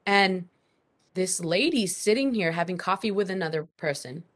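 A woman guest on a podcast, telling a personal story in an animated, emphatic way. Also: on the low side, normal speed. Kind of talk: casual storytelling interview.

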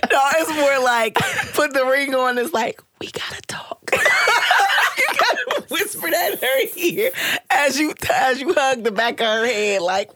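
A woman's voice: high voice, normal speed, a little hiss or hum. A young woman co-hosting a podcast, chatting casually, laughing often and acting out little voices as she tells stories. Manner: laughs often, animated storytelling, mimics voices. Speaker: podcast co-host. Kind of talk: casual chat.

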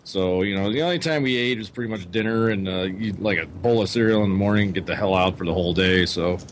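A man's voice: low-pitched, fast talker, slight background noise. A man telling a wry, rambling story about his childhood in a podcast chat. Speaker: podcast co-host. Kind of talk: casual chat.

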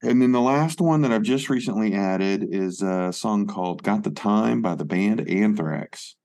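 A man's voice: lowish voice, measured pace, a little mellow. A man co-hosting a podcast in casual chat about music, laid-back and swearing, with many fillers. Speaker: podcast co-host.

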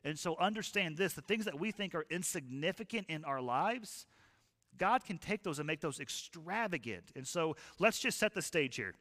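A man preaching a sermon as a pastor, telling stories in an animated, folksy way. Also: fairly high pitch, big-room sound.

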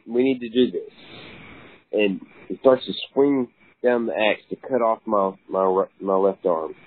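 A man's voice: on the low side, measured pace, breathy edge, dry recording. A man caller earnestly telling a strange dream in a voicemail message. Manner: earnest, puzzled storytelling. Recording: tinny phone line.

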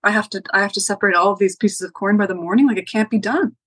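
A woman's voice: mid-range voice, fast talker, fairly bright tone, slightly rough. A woman voicing a young girl apprentice in a folktale, polite but stammering when panicked.

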